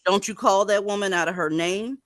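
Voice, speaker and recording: A woman's voice: medium pitch, brisk, a bit bright, dry recording, clean studio sound. A woman on a live call panel, scolding a caller in a sarcastic tone.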